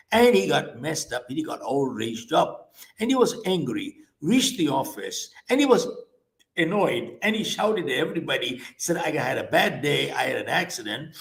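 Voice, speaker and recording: A man talking about life lessons as an interview guest, his voice sitting a little high for a man. He swings his pitch widely as he builds each story. He leans on rhetorical questions and lets dramatic pauses hang before his points. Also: rough recording. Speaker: guest, motivational author. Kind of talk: animated motivational storytelling.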